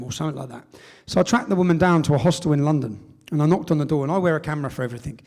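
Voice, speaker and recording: A man's voice: a little high, racing, darkish tone. A man giving a speech at a live event, telling stories emphatically with reported dialogue and tag questions. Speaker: public speaker.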